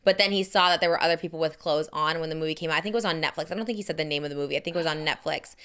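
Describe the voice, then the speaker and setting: Brief: female podcast host, rapid rambling gossip, slightly low voice. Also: a bit bright, clear, resonant tone. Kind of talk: casual chat.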